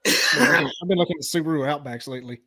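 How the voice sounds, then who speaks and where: A man trading wisecracks as a guest in a loose podcast chat. His voice sits a bit high, and the recording is dry and close. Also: fairly quick, bright, forceful tone, no room sound. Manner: joking, with wisecracks.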